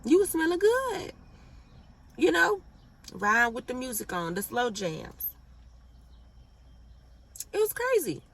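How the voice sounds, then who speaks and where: A young woman vlogger telling a storytime in a casual, animated and profane way. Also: high voice, takes it slowly, pauses often, far from the mic. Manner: animated, blunt and profane, laughs at her own story.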